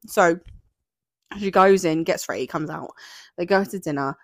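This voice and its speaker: A woman's voice: on the low side, measured pace, no echo, clean studio sound. A woman co-hosting a podcast in casual chat, recapping a show in a gushing, gossipy way full of "like.". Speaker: podcast co-host.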